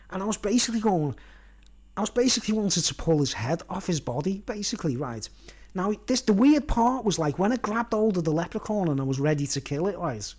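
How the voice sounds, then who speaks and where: A man with an Irish accent vlogging, telling a long dream story in a rambling, chatty way and checking in with his listeners all the time. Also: sits high. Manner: chatty, keeps asking "right?" and "you know what I mean".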